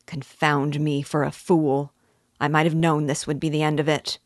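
A woman reading aloud and voicing a proud, anxious young gentleman who speaks hastily and bitterly. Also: sits low, flat delivery, normal speed, dry recording, clean studio sound, lightly acted. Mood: agitated. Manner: hasty, bitter.

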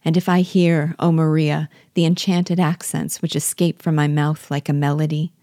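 A woman's voice: low voice, little pitch movement, moderate pace, mellow, dry recording, clean studio sound. A woman reading the verses of a mysterious man, an exiled former king, in a plaintive, sorrowful way. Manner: plaintive, sorrowful, growing menacing.

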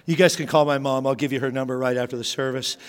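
A middle-aged pastor preaches a sermon in a medium-pitched, clean voice, steady in tone and quick in pace. He tells stories but keeps restarting them, and long hall reverb fills the recording.

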